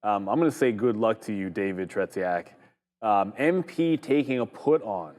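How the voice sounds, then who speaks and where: A man's voice: on the low side, expressive, normal speed, a little mellow, big-room sound. A Canadian man co-hosting a live trading show, chatting loosely and reading viewer comments aloud.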